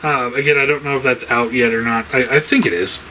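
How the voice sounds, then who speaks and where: A man with a mid-range, bright, forceful voice rants casually and frustratedly about his toy collection, talking quickly with fairly even intonation. He rambles with plenty of fillers and swears often, and there's a little hiss or hum in the recording.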